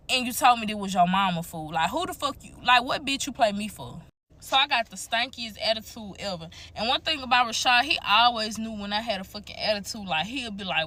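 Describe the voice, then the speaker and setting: Young woman, AAVE, casual storytime vlogger, blunt and profane, fairly high bright voice. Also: lively intonation, a little fast. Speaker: storytime creator.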